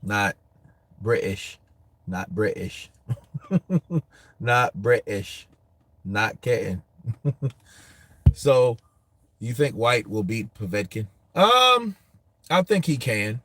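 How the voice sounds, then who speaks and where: A man's voice: lowish voice, sing-song, very slow, pauses often, a bit bright, no echo. An American man hosting a casual boxing show, cursing often, laughing easily, and talking straight to his viewers. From United States. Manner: laughing often, loose and crude, talks to the chat. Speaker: boxing show host reading viewer comments. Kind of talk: casual profane chat.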